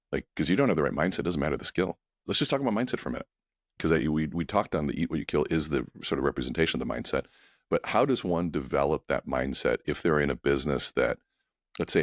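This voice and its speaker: A man's voice: very deep voice, no echo, studio quality. A man hosting a podcast interview, talking in an affirming, enthusiastic way. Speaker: podcast host.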